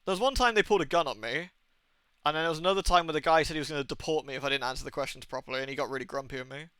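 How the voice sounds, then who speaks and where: A man's voice: fairly high pitch, racing, pushed and bright, smooth, no room sound. A British man in his thirties streaming a game, chatting casually and telling rambling stories with casual swearing. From Britain. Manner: rambling, anecdotal, swears freely. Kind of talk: casual gaming stream chat.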